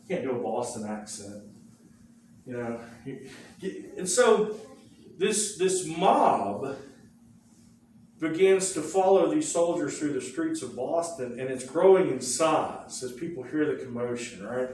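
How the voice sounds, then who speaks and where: A man teaching a history class, spinning the lesson as a lively story full of rhetorical questions and quick asides. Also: mid-range voice, slight background noise. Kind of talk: classroom lecture. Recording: very echoey room, mic far off.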